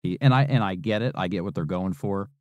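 A man's voice: sits low, fast, dry recording, dull audio. A laid-back man co-hosting a podcast, answering trivia and swearing freely. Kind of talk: casual banter.

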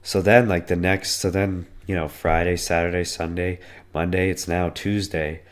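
Hoarse young man, voice fading. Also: flat delivery, moderate pace. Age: 20s. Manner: profane, rambling storytelling; voice cracks and breaks on high notes. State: hoarse, losing his voice from illness. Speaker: podcast host. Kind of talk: casual solo podcast monologue.

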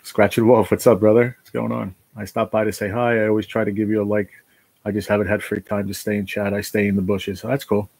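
A man's voice: on the low side, little pitch movement, brisk, gravelly, darkish tone, no echo. A man hosting a casual live stream from a basement room, chatting in a laid-back, rambling way and calling his viewers man and bro.

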